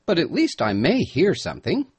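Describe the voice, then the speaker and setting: Man reading earnest young lad, storybook reading, higher voice, husky edge. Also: wildly swooping pitch, normal speed, heavily acted. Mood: urgent. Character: earnest, alert young man keeping watch.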